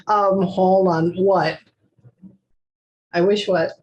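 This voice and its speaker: A woman giving a psychic reading in casual chat, talking quickly and pausing often to say "hold on" as she relays what she hears. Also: fairly low pitch, husky, highs cut off. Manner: chatty, animated, acts out quotes, frequent "hold on" pauses. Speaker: psychic medium.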